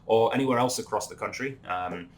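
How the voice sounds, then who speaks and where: A man hosting a casual whisky tasting chat, relaxed and rambling with plenty of fillers. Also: fairly low pitch, fairly quick. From Canada.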